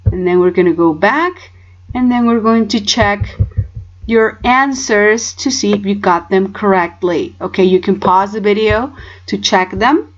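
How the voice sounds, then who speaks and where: A woman's voice: medium pitch, unhurried, highs cut off. A woman teaching English in a recorded home lesson. She explains step by step and often checks in with "okay?".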